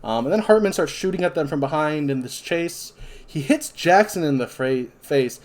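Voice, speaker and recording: Young male podcast co-host, slightly high voice, loose rambling plot recap full of fillers. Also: expressive, normal speed. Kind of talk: casual movie review chat.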